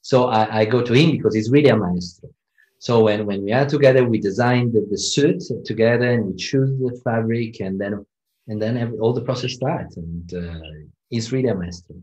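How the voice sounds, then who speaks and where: Low-voiced man telling relaxed anecdotes. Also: brisk, highs cut off. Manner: anecdotal, reflective, self-deprecating. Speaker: interviewee. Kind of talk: casual interview conversation.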